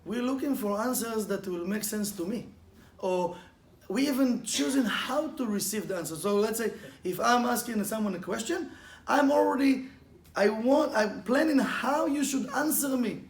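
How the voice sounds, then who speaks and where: High-voiced man teaching. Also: normal speed. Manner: animated, laughs often, acts out quotes and sound effects. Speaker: Kabbalah teacher. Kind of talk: informal spiritual lesson with storytelling. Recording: echoey room with faint ambient noise.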